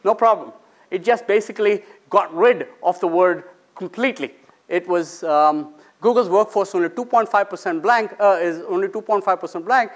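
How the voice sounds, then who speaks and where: A man's voice: high-pitched, normal speed. A man, a finance professor, lecturing students in a conversational way, asking the audience questions and briefly acting out the people in his stories. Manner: acts out quoted people in short bursts.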